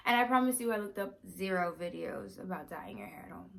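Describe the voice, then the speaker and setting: A young woman vlogger telling a personal story in a casual, animated, emphatic way. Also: medium pitch, brisk, vocal fry, hardly any pauses.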